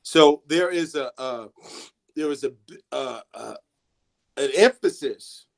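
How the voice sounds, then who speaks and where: Male school counselor type, slightly high voice, halting classroom talk full of restarts. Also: creaky. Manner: halting, many restarts and fillers. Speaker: student assistance coordinator.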